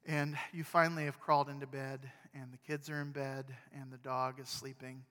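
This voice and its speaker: A male pastor preaches a sermon in a large hall, speaking at normal speed in a mid-range voice. His style is conversational and animated, like telling a story.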